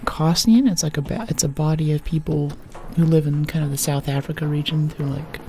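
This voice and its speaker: A woman from the United States streaming a game in a soft-spoken ASMR style, rambling playfully and often dropping to a whisper. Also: low voice, flat delivery, a little fast, vocal fry, a little hiss or hum.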